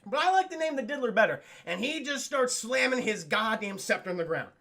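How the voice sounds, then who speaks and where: A man casually recapping a cartoon episode for his live chat, animated, profane and laughing often. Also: very high voice, fairly quick.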